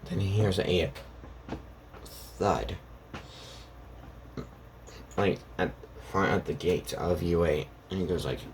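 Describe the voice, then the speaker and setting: A man telling a made-up fan story off the cuff, rambling and halting, voicing the characters' lines as he goes. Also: low-pitched, a little hiss or hum. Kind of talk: improvised fan story narration.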